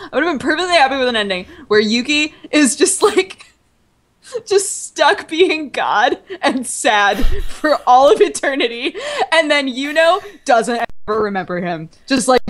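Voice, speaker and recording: Woman, podcast co-host, high voice, very lively pitch, casual chat, laughs a lot. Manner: animated, laughing, acts out her own reactions. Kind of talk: casual group chat over a call.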